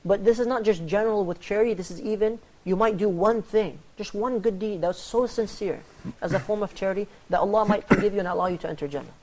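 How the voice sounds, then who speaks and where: A man hosting a religious panel talk on charity, telling stories in an animated way and acting out the quoted lines. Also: sits high, quick pace, a little hiss or hum. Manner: animated storyteller, acts out quoted dialogue. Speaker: host.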